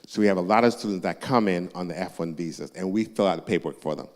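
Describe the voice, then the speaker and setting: Low-voiced man answering questions in an echoey church hall. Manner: lively, joking, quick to tease the audience. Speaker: university representative answering questions. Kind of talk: live Q&A in a church.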